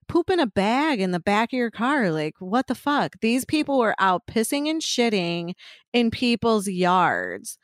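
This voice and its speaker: A woman's voice: medium pitch, no room sound, clean studio sound. A woman co-hosting a podcast in casual chat, rambling and swearing with frequent laughs. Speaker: podcast co-host.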